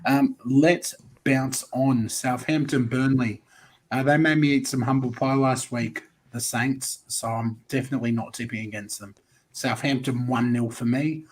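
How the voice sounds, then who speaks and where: An Australian man hosting a casual football podcast, chatty and relaxed, calling on guests and reading out viewer comments. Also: mid-range voice, unhurried, breathy edge. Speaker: podcast host.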